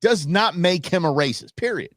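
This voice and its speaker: A man hosting a live stream, reacting to a TV clip in a blunt, rambling way and often restarting his sentences. His pitch swings up and down a lot. The sound is dry and close, with no room echo. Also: lively intonation, moderate pace.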